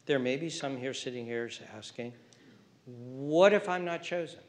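A male pastor preaching a sermon, alternating emphatic raised calls with hushed, whispered passages. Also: medium pitch, unhurried.

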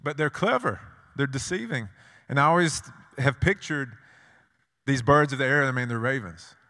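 A man's voice: medium pitch, normal speed, sharp tone. A man preaching a sermon, telling stories and driving points home with rhetorical questions and repeated phrases. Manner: storytelling with rhetorical questions and repetition. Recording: long hall reverb.

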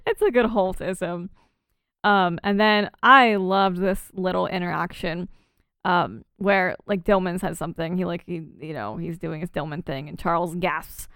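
A young woman in casual conversation, chatty and quick to laugh, her words spilling out between little fillers. Her voice comes through smooth and clear, with a close, dry sound and no room echo. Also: on the low side, steady tone, a bit bright. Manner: chatty, laughs often, many fillers and restarts. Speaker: podcast co-host. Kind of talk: casual chat.

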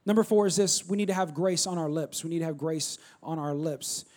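A man with a fairly high voice delivers a sermon to a congregation. He moves between loud, emphatic bursts and low, quiet asides, repeating phrases as he presses his points. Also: a little fast. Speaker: pastor.

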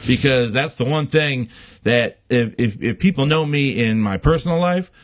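A man's voice: medium pitch, normal speed, no room sound. A man hosting a podcast, telling a long story in casual chat, rambling with many fillers and frequent swearing. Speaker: podcast host.

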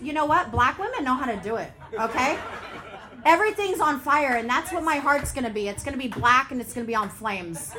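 A high-pitched woman in her forties trades brash, profane banter at a live podcast taping. She laughs through her lines, and the recording carries a lot of noise from the live venue. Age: 40s. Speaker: podcast co-host.

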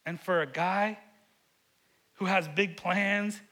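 A middle-aged man preaching a sermon, earnest and often repeating words, swinging between loud emphasis and hushed moments. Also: high voice, steady tone, slow. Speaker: pastor.

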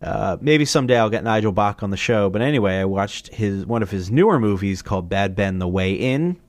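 A man hosting his own podcast, running through movie recommendations in a loose, rambling, jokey way, swearing freely and often jumping into excited, higher asides. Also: fairly quick, no echo. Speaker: podcast host. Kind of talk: casual solo movie review.

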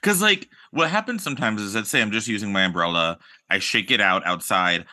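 A man co-hosting a podcast in casual chat, animated and playful. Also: on the low side, fairly quick. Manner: animated, playful, jumps into silly bits. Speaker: podcast co-host.

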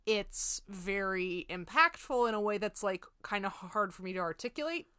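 A woman co-hosting a casual movie podcast, relaxed and agreeable with dry asides. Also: mid-range voice, normal speed, clean tone, no room sound. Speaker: podcast co-host.

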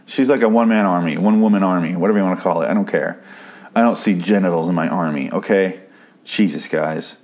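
A man's voice: low voice, quick pace, darkish tone. A man hosting a podcast, recapping a TV episode in a casual, profane, rambling way, often stopping and restarting his sentences. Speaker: podcast host.

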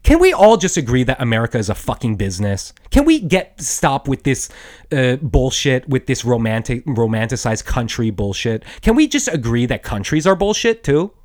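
A man's voice: mid-range voice, big pitch swings, normal speed, darkish tone. A young man ranting bluntly and profanely in a rambling monologue, restarting his sentences as he goes. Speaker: podcast host. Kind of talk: angry rant monologue.

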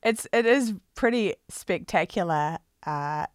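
A woman's voice: on the low side, animated, slow, dry recording, clean studio sound. A woman with a non-American English accent talking reflectively in a casual chat. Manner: reflective, laughs often. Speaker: podcast co-host.

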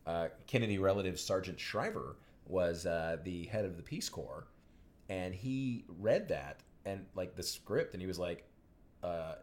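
A man's voice: low-pitched, measured pace. A man co-hosting a podcast, chatting casually about a movie with jokes and mock accents. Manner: animated, jokey, slips into mock accents. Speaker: podcast co-host. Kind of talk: casual movie-review chat.

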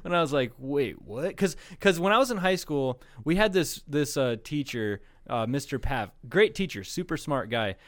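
A man's voice: on the high side, lively intonation, moderate pace, few pauses, no echo, clean studio sound. Rambling, laughing male podcast co-host. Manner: rambling storyteller, swears, laughs often. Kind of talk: casual chat.

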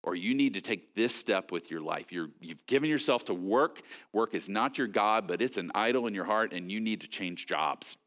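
A man preaching a sermon in a conversational, animated way, with frequent fillers and restarts. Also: on the low side, normal speed, few pauses. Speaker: pastor.

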